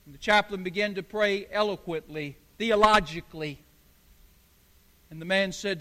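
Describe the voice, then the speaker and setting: A male pastor with a high, ringing voice preaches with emphasis, stacking repeated phrases. His sermon carries a long reverb from a large hall. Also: moderate pace, sharp tone.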